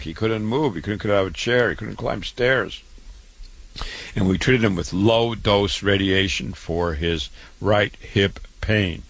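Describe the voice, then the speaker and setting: A man's voice: lowish voice, fairly bright tone. A man, a doctor, giving a promotional health talk about his clinic, repeating himself and listing items one after another. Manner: repetitive, listing.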